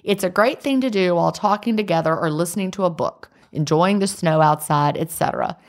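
A woman co-hosting a casual podcast, chatty and quick to laugh as she reads listener letters aloud. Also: on the low side. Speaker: podcast co-host.

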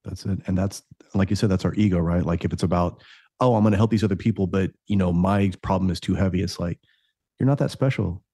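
A man hosts a podcast with a very deep, husky voice. He talks fast and reflectively, with a dark, mellow tone. The sound is dry and close to the mic. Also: dry recording. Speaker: podcast host. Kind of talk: casual conversation.

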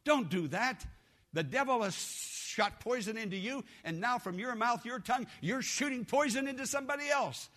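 Male pastor, fervent sermon delivery, bright tone. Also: very high voice, animated, normal speed. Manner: fervent, exhorting preacher.

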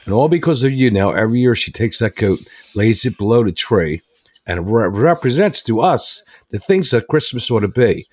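A man voicing a kindly grown-up doctor in a spoken story, warm and earnest. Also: mid-range voice, animated, normal speed, no echo, lightly acted. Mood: heartfelt.

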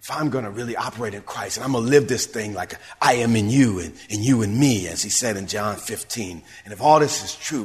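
A male pastor preaching a sermon, asking the congregation questions and swinging between hushed asides and raised exclamations. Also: fairly low pitch, a little fast, hardly any pauses. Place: church sanctuary. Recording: long hall reverb.

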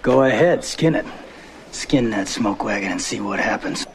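An actor playing a cool gunslinger who taunts in a calm, slow drawl. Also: male voice, fairly low pitch, gravelly, slight background noise. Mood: taunting. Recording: film audio over loud music.

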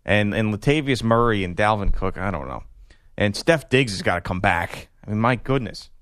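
A man's voice: on the low side, lively intonation, normal speed, fairly bright tone, smooth, no echo, studio quality. A man hosting sports talk radio, joking and laughing through casual banter with co-hosts.

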